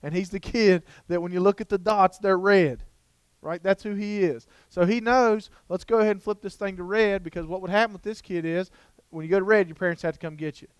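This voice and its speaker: A middle-aged man delivers a lively keynote full of anecdotes, down-to-earth and joking as he acts out the scenes. His voice sits a little high for a man and comes across smooth and clear. The sound is dry and close. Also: a little fast, dry recording. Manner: down-to-earth, animated, jokey. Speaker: child development speaker. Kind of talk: storytelling keynote talk. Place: lecture room before an audience.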